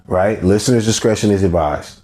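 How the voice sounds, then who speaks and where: Male podcast host, Texan country accent, very low voice, blunt and candid, unscripted. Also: brisk, dark tone. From Texas, USA. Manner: candid and blunt, loose and conversational. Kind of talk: solo podcast monologue.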